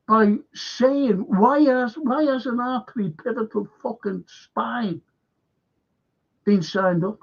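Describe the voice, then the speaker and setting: A slow, drawn-out man with a gravelly, husky voice rants in a heated talk-show monologue, swearing at every turn and circling back over his points. The sound is dull and lo-fi. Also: extremely high pitch. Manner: heated, swears constantly, repeats himself. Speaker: host of a fan football show.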